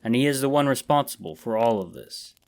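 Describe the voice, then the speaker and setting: Deep voice, somber, slow, grim ancient immortal, read by a man, horror audiobook. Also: expressive, darkish tone, lightly acted. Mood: grave.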